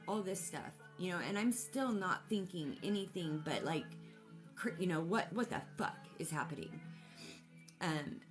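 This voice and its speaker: A woman with a low, gravelly voice tells a personal story about her child. She rambles emotionally and restarts often. Faint music plays underneath. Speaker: mother.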